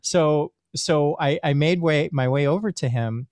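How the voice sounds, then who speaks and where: A man who is a physician, telling a story as a guest in a casual conversation, animated and often repeating words as he gets his thoughts out. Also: a little high, moderate pace, no echo, clean studio sound.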